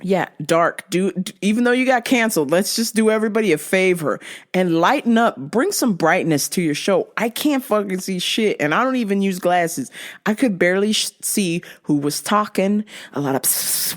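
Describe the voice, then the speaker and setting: A young woman hosting her own show, ranting casually and comically, swearing freely and often breaking into laughter. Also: lowish voice. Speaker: podcast host. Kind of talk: casual comedic rant.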